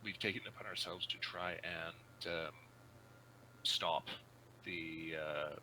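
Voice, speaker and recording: A man taking part in a tabletop role-playing session, speaking haltingly with many fillers and restarts. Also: low-pitched, steady tone, sharp tone, a little hiss or hum, rough recording. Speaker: player. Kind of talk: tabletop role-play chat.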